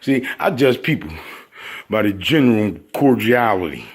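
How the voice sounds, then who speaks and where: A man's voice: fairly low pitch, sing-song, normal speed, husky. A man giving a casual, rambling monologue while showing off his new room, boastful and full of joking trash talk.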